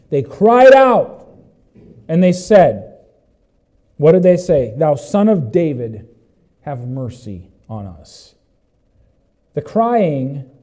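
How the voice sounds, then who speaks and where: A man preaching a sermon, emphatic and repetitive, asking the congregation questions and swinging between loud cries and low, intense passages. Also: rough recording. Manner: repeats phrases, asks the congregation questions. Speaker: pastor.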